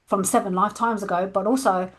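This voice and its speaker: A woman's voice: medium pitch, steady tone, fast talker, husky. A woman, a coach candidly telling her personal story and acting out her past thoughts.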